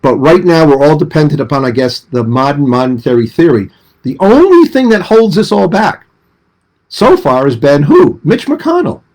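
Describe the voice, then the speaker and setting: A middle-aged man giving emphatic, rapid-fire opinions as a guest commentator on a radio phone-in. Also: fairly high pitch, sing-song, a little mellow.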